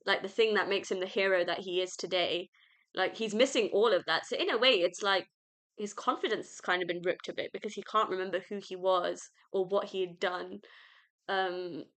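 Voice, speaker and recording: British woman host, bright and crisp, chatty rambling book review, filler-heavy delivery. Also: mid-range voice, steady tone, moderate pace. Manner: rambling and gushing, many fillers like "like". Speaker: podcast host. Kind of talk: casual solo book review.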